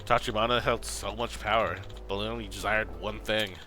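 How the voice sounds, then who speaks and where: A man's voice: lowish voice, steady tone, moderate pace, background noise, close to an everyday voice. A man voicing a weary, reflective middle-aged ex-gangster, reading game dialogue aloud in a subdued, thoughtful way. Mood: solemn.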